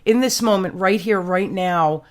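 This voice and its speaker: Woman hosting a podcast, lively and slangy, tells stories with lots of exclamations. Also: medium pitch, a little slow. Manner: animated storyteller, exclamatory, slangy. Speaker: podcast host. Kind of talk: casual chat.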